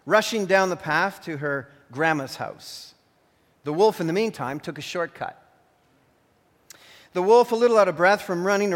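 A male pastor preaches with earnest warnings and also narrates a storybook tale. His voice sits fairly high. A long hall reverb follows every phrase. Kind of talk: sermon.

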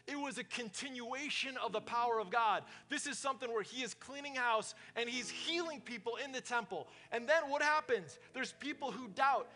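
A man's voice: very high voice, moderate pace, few pauses, pushed and bright. A man preaching a sermon in a casual, conversational way, full of fillers, in a church service held in a warehouse. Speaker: pastor.

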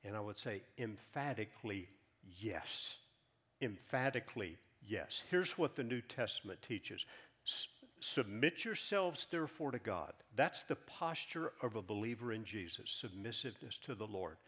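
A man preaching a sermon, reading scripture aloud with rising emphasis and dropping softer when he explains. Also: medium pitch, big pitch swings, slightly rough. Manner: reads scripture aloud with rising emphasis, then drops soft; earnest, measured teaching. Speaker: pastor.

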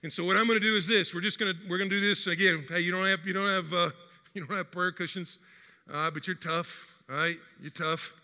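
A man's voice: high-pitched, steady tone, a little fast, sharp tone. A male pastor preaching a sermon, retelling a story and speaking straight to his church congregation. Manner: storytelling, addresses the congregation directly. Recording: long hall reverb in a church.

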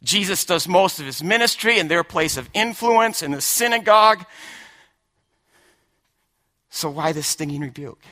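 Emphatic male preacher with bright voice. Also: high voice, lively intonation, normal speed, long pauses. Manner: emphatic, repeats words, swings from hushed to shouting. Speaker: pastor. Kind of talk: sermon.

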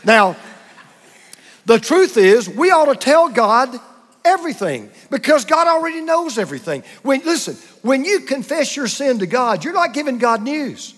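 A male pastor with a high voice preaching with emphasis, hammering home his points through repetition and blunt contrasts. His voice rings out with a long reverb, as in a large church sanctuary. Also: very animated, moderate pace, fairly bright tone. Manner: emphatic, repeats points, uses a punchy joke and short contrasts. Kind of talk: sermon.

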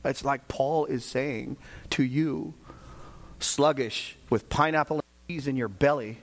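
A middle-aged man, a pastor, preaching a sermon and telling a story in an animated way, shouting now and then for emphasis. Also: medium pitch, measured pace, slight background noise.

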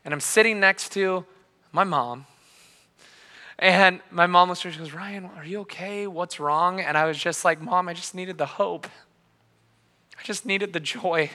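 A man in his thirties preaching a sermon as a pastor, telling his story passionately, dropping quiet and then rising loud. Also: high voice, fairly even intonation, measured pace, pauses often, long reverb tail. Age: 30s. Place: church hall.

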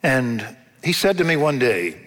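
A man's voice: mid-range voice, big pitch swings, unhurried, a bit bright. An older man preaching a sermon in a church, telling stories in a folksy way and acting out what people said. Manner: folksy storytelling, acts out quotes. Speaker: pastor. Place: church sanctuary. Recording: long reverb of a church hall.

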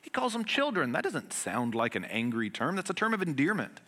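Fields: Sex: man. Role: pastor. Style: sermon. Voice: forceful, somewhat high. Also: huge pitch swings, a little fast. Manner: swings between loud emphatic passages and hushed, quiet ones; conversational and earnest, with everyday humor.

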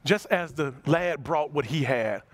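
A man preaching a sermon as pastor, animated, with big swings in pitch and loudness as he acts out the passages. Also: a little slow.

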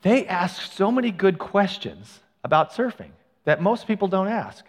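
A man preaching as a pastor in a relaxed, conversational way, telling personal stories with asides and self-corrections. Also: high-pitched, moderate pace, big-room sound. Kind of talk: sermon. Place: church sanctuary.

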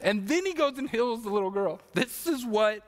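A male pastor preaching an earnest, emotional sermon with slow, emphatic phrases. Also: very high voice, animated, in a large hall.

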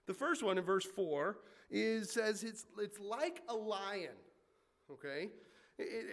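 A man preaching with lively, conversational energy. He breaks off for asides and jokes. His voice sits high for a man. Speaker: pastor. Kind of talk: sermon.

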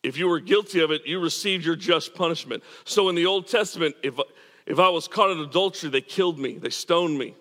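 A man's voice: a little high, brisk, sharp tone, in a large hall. A man preaching a sermon as pastor, earnest and emphatic, repeating words as he drives points home. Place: church.

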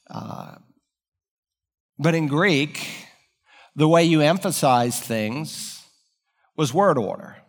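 A man's voice: medium pitch, long reverb tail. A man preaching an expository sermon, explaining Greek word order and building to emphatic peaks. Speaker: pastor.

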